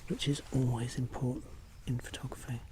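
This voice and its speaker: A man vlogging outdoors in a forest while hunting wildlife photos, often dropping to a hushed whisper, with many pauses and fillers. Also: medium pitch, level tone, a little hiss or hum. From England. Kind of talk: casual outdoor vlog narration. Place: outdoors in a forest among bracken. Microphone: small handheld camera mic.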